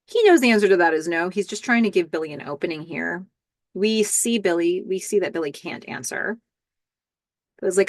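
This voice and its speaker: A woman's voice: lowish voice, lively intonation, normal speed, no room sound. A woman hosting a podcast, recapping a TV episode in a chatty way and acting out the lines she quotes. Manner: chatty, stammers and restarts, acts out quoted lines. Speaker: podcast host. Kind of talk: TV episode recap, casual narration.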